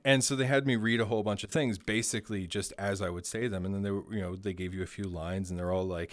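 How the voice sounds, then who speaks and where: Man, talk show host, from Maryland, joking, laughs a lot, lowish voice, dry close sound. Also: fairly even intonation, quick pace, few pauses, no echo. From Maryland, USA. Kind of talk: casual studio interview. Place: studio.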